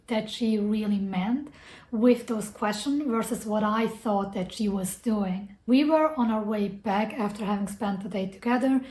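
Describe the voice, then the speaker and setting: A woman talking earnestly and reflectively to camera about personal growth, using a lot of casual "like" fillers. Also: on the high side. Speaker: self-development vlogger. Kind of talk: personal advice talk to camera. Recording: echoey room.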